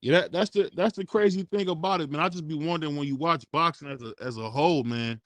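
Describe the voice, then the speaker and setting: A man hosting a casual sports talk show, relaxed and conversational, often tagging his sentences with "man.". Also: on the high side, fast talker, no echo.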